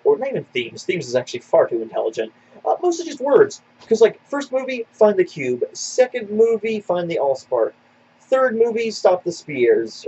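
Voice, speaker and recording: A man co-hosting a casual podcast, answering viewer questions in a rambling, animated way with many fillers and restarts. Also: a little high, breathy edge, dull audio. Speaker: podcast co-host.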